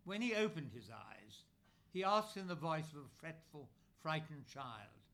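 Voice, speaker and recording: A man reading a literary novel aloud as narrator, in measured phrases with frequent pauses. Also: on the high side, animated, a bit bright. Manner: measured, pausing often between phrases. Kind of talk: scripted narration.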